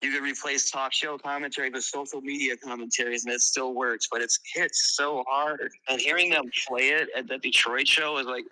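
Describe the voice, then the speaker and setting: A man who is a guest musician, telling tour stories in a casual interview, animated and swearing freely. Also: medium pitch, a little fast, few pauses, low-quality recording.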